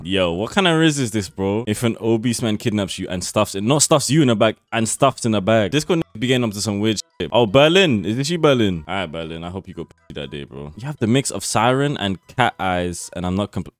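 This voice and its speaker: A man's voice: low voice, expressive, normal speed, no echo, soft background music. A young man, streaming and reacting to chat messages in slangy, swearing, mocking talk. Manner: slangy, swearing, mocking, bursts into loud laughter.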